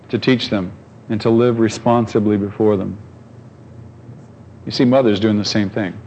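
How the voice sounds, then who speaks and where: A man's voice: a little high, vocal fry, darkish tone, lo-fi sound, slight background noise. A pastor preaching a conversational sermon, asking his congregation questions and telling stories.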